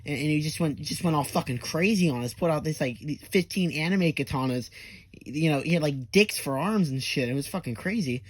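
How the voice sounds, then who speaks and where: A man's voice: a little high, animated, a little fast. A young man telling an absurd comedic story, rambling, with lots of fillers and swearing. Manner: absurd tall tale told half-seriously.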